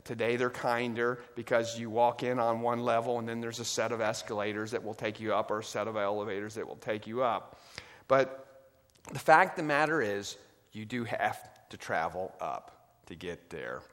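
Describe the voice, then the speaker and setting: A man preaching a sermon, retelling a story with dramatic swings between loud, lively passages and hushed ones. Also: lowish voice, moderate pace. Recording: long reverb of a large hall.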